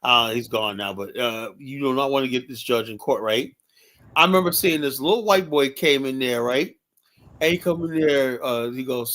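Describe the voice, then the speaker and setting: A man's voice: medium pitch, normal speed, a bit bright. A man telling long, rambling stories in a heated casual debate, swearing freely and tagging nearly every sentence with 'right?'. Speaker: panelist.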